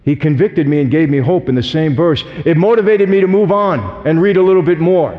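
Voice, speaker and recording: A man's voice: a little high, a little fast. A man giving an earnest, emphatic personal testimony to an audience, telling his story straight to the listeners. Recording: dull lo-fi audio with long hall reverb.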